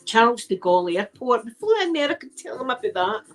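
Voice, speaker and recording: Scottish woman, middle-aged, soft-spoken ASMR chat, rambling storyteller, faint music in the background. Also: on the high side, big pitch swings, fast talker, poor audio. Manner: rambling storytelling with local words like aye and wee. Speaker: ASMR channel host.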